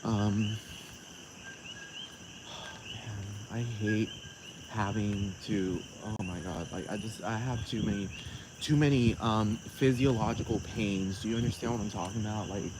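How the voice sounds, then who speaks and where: A man's voice: fairly low pitch, unhurried, background noise. A man hosting a solo podcast, rambling and cursing in a casual rant, constantly asking whether the listener gets what he means. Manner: rambling, profane, keeps asking "you know what I'm talking about". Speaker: podcast host. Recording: echoey outdoor recording with crickets.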